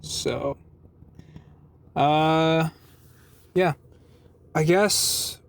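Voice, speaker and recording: A man's voice: fairly high pitch, fairly even intonation, extremely slow, no room sound. A young man rambling through a casual, self-deprecating vlog from his car, recorded on a phone. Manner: rambling, self-deprecating, lots of fillers and swearing. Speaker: vlogger. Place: parked car.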